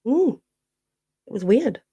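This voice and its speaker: A woman's voice: a little high, very animated, takes it slowly, dark tone, breathy edge. Chatty Yorkshire woman on a live chat. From Barnsley, Yorkshire, England. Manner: chatty, says "you know" constantly. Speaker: livestream host. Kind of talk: casual live chat answering viewer comments.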